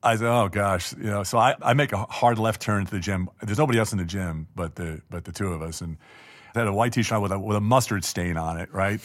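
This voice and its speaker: Middle-aged male guest, low-set voice, rambling self-mocking anecdote style. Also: brisk. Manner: chatty, self-deprecating, frequent restarts and laughs. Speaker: guest telling a personal story. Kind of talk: casual storytelling interview.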